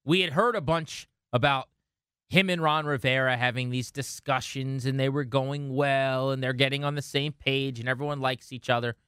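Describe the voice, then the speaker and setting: A man hosting sports radio talk, hoarse from a cold and delivering emphatic, opinionated takes. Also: mid-range voice, steady tone, normal speed, bright, forceful tone, no room sound, studio quality. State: hoarse from a cold, cracking when he laughs.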